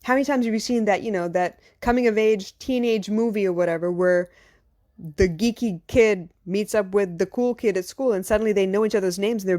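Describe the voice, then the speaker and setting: A woman's voice: medium pitch, darkish tone, dry recording. A woman delivers an earnest motivational monologue as a podcast host, pressing her listeners with rhetorical questions. Her voice sits in an ordinary middle register. The recording is dry and close, with no room sound. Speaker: mother.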